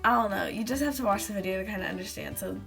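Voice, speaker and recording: Creaky-voiced woman rambling through a vlog. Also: mid-range voice, animated, very fast, over loud music. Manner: rambling, fillers of "like", acts out quotes. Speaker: vlogger. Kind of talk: casual chatty recap to camera.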